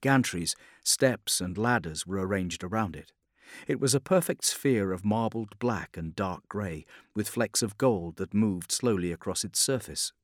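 A man narrating a science fiction audiobook in a measured, grave storytelling manner. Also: lowish voice, no room sound, studio quality. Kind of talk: scripted dramatic narration.

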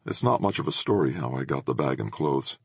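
A man's voice: very deep voice, animated, a little fast, vocal fry, husky, no echo, clean studio sound, full character voice. A man playing a weary hungry traveler. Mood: modest. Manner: talking with his mouth full.

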